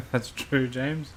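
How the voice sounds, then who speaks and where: A man's voice: mid-range voice, a little hiss or hum. A man hosting a live stream, chatting casually and bluntly with viewers and swearing freely. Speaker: livestream host.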